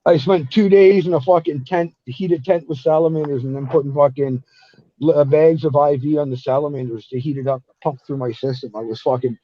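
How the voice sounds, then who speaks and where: A man's voice: on the high side, fairly even intonation, fairly quick, no room sound. A man telling cold-weather stories in casual chat, heavy with swearing. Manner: profane, storytelling. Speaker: podcast guest telling stories. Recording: dull dry lo-fi audio.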